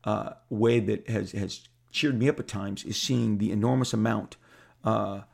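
Gravelly rambling man telling stories. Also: on the low side, fairly even intonation, unhurried, darkish tone. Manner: rambling, with many repeated words and restarts. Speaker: comic artist telling stories. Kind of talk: casual storytelling monologue.

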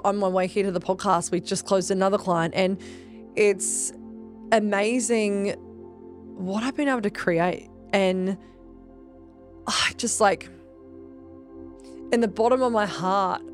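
Fast, emphatic woman podcaster. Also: medium pitch. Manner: rapid, emphatic, heavy "like" fillers, swears freely. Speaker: podcast host and business coach. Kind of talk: casual motivational monologue.

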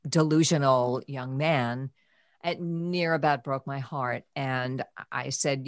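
A middle-aged woman with a low voice hosts a podcast conversation, recalling a hard stretch of her life. She speaks softly and with feeling, sometimes sinking to a whisper. The sound is close and dry. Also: slow pace, dry recording. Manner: emotional, soft-spoken, drops to a whisper at times. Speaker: podcast host. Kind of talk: personal storytelling in conversation.

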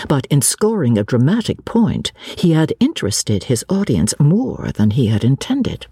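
A woman reads a classic novel aloud with theatrical expression, her voice husky and breathy with lively swings of pitch. The recording is close and dry. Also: no room sound. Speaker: narrator. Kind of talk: dramatic reading of a classic novel.

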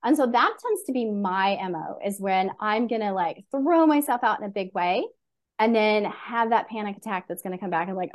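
A middle-aged woman coach, a podcast guest, telling stories in an earnest, animated way. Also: mid-range voice, moderate pace. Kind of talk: conversational interview.

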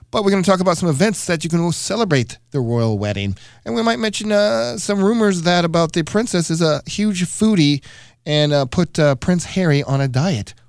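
A man's voice: a little high, smooth, no room sound, clean studio sound. A man hosting a casual radio food chat, upbeat and joking, with many fillers. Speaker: radio show host.

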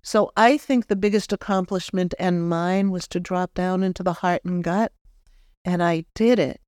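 A woman's voice: lowish voice, fairly even intonation, normal speed, a little mellow, smooth, no echo, studio quality, lightly acted. A woman medium speaking as the spirit of a cocky, loving young man, earnest and reflective, with some self-mocking jokes. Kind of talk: channeled spirit talk.

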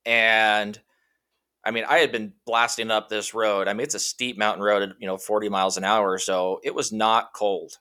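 This guest, a man from Washington state, has a lowish, clean-toned voice and talks at a normal speed. He's relating a lengthy, digressive story about himself in relaxed conversation, leaning heavily on "like" and "you know."

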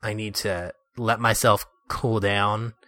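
Bright-voiced man chatting about films. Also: on the low side, takes it slowly, no room sound. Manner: animated, laughs often, acts out quotes. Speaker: podcast co-host. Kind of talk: casual movie discussion.

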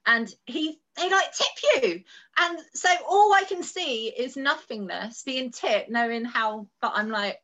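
A woman from the UK, a mother and podcast guest, telling a story in an animated, laughing way. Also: fairly high pitch, a little slow. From United Kingdom. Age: adult with school-age children. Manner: animated, laughs often, breaks into squeals. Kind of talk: casual storytelling chat.

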